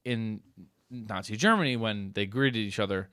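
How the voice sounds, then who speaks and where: Low-voiced man in casual podcast chat. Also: moderate pace, smooth, no echo, studio quality. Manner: animated storyteller, swears casually. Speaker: podcast co-host.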